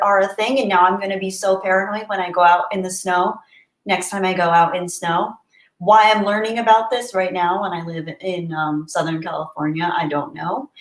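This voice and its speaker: Chatty woman streamer in an echoey room. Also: mid-range voice. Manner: chatty, reads viewer messages aloud, soft and heartfelt. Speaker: livestream host. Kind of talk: casual livestream chat. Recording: roomy echo.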